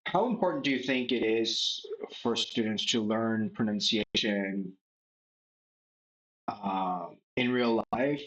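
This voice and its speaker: A man's voice: lowish voice, fairly bright tone, poor audio. A man hosting a casual interview, asking a long, careful question. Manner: brief backchannels, asks long questions. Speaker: podcast host.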